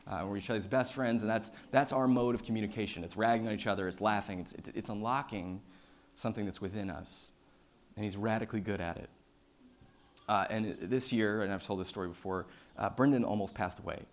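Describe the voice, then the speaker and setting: A public speaker gives a personal storytelling talk on stage in a low-leaning voice at a brisk pace. He swings between loud, excited telling and hushed, quiet passages, with many fillers and repeated starts.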